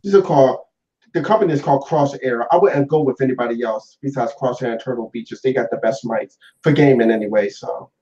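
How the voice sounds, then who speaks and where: A laid-back man chatting over a gaming headset. His voice is mellow and dark. The sound comes from a distance and is dull and muffled. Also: mid-range voice, fairly quick. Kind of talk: casual chat. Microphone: wireless gaming headset.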